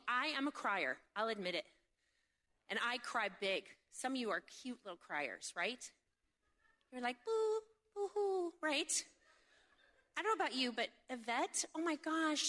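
A woman giving a humorous sermon, animated and jokey, telling stories with quick asides and keeps asking the audience for agreement. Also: high-pitched. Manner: seeks agreement with frequent rhetorical questions. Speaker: speaker at a faith event.

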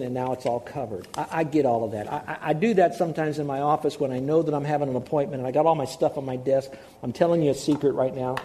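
Mellow-voiced man preaching a sermon. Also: fairly high pitch, a little hiss or hum. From Hawaii. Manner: conversational preaching, repeats key words for emphasis. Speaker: pastor.

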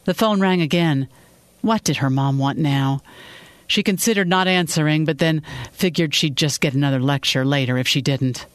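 A narrator reading a fiction episode in calm, steady storytelling. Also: medium pitch, normal speed, dry recording.

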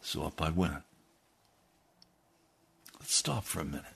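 A man preaching a sermon, reading aloud from a book and then pleading with his listeners, dropping low and quiet and then building to loud, emphatic appeals. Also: very animated, measured pace, gravelly, slightly rough. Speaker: pastor.

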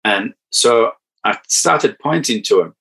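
A man's voice: medium pitch, lively intonation, takes it slowly, creaky, fairly bright tone, husky, low-quality recording. A middle-aged man with a northern English accent, chatting on a podcast and telling anecdotes with chuckles. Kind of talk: casual podcast chat.

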